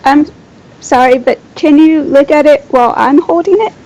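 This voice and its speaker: A woman's voice: high voice, normal speed, darkish tone, lo-fi sound. A woman player speaking in character in a tabletop game, hesitant and polite.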